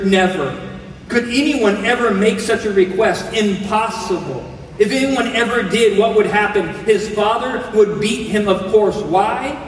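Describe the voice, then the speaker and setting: High-voiced man preaching in an echoey hall. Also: slight background noise. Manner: reads scripture then explains it earnestly. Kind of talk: sermon. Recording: echoey hall, voice from some distance.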